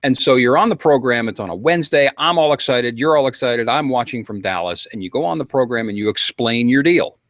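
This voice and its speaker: A man's voice: mid-range voice, a little fast, few pauses, dry recording. Guy telling a story, all fired up and indignant, dry close mic. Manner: animated, indignant storyteller acting out quotes. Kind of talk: casual storytelling to a panel.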